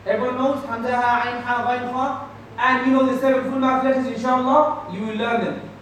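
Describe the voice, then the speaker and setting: A man teaching a tajweed class, drilling letters loudly for the students to repeat, then explaining softly. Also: extremely high pitch, fairly even intonation, a little fast, a little hiss or hum. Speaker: Quran recitation teacher. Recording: echoey room from far off.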